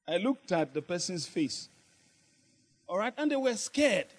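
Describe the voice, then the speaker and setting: A man with a high, husky voice preaches a sermon at a measured pace. He's lively, laughs often, and calls on his congregation to answer back in call-and-response.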